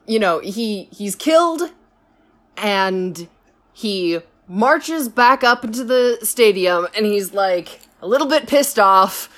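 A woman spinning a casual story in a slow, unhurried way. She rambles, fills pauses with ums and likes, and corrects herself as she goes. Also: mid-range voice. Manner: rambling, full of fillers and self-corrections.

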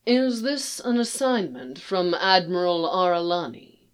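A woman reading a story aloud and voicing a poised alien male statesman who speaks in a dry, measured, quietly amused way, in a slow, soft and slightly distant tone. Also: lowish voice, sing-song, clean tone. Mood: probing.

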